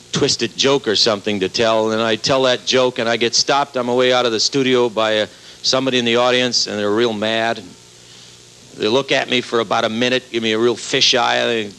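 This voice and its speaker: A man tells a long joke on a TV stage, his voice bright and forceful. He rambles along with many hesitations and keeps a deadpan tone. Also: medium pitch, clean tone, low-quality recording. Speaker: comedian. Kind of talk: stand-up joke telling on TV. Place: TV studio with audience.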